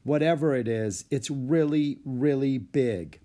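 A man's voice: mid-range voice, measured pace, warm tone, voice pushed up, close to an everyday voice. A man voicing a cautious but brave young boy in a storybook reading, sounding anxious and urgent.

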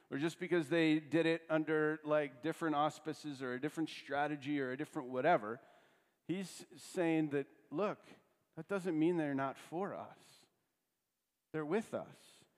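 Male pastor, conversational sermon delivery with rhetorical questions, reverberant hall sound. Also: on the high side.

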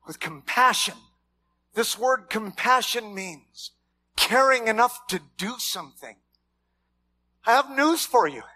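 Casting: male pastor, high bright voice, lively sermon delivery with shouted punches and jokes. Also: slow pace, pauses often. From Mexican heritage, raised among white Americans. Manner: animated preaching with shouted peaks and humor.

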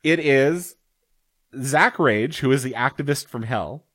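A man's voice: mid-range voice, unhurried, fairly bright tone, no room sound, clean studio sound. A young man co-hosting a casual podcast, talking with exasperated, sarcastic commentary. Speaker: co-host.

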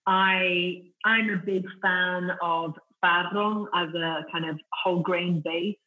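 Bright-voiced chatty woman with an Italian accent. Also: on the low side, steady tone, slow pace, rough recording. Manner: enthusiastic, chatty, many fillers and restarts. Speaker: guest, food company founder. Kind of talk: casual podcast interview.

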